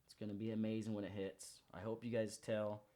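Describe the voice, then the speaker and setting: Hosting a sports betting show, this young man talks through his picks with slangy, pumped-up confidence in a casual rundown. His voice sits on the low side and is dark, with a level tone and a fairly quick pace.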